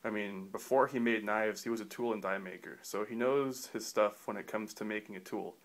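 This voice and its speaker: A man's voice: fairly low pitch, a little fast. A man giving a casual knife review in a rambling way, full of fillers and restarts, with dry offhand humor.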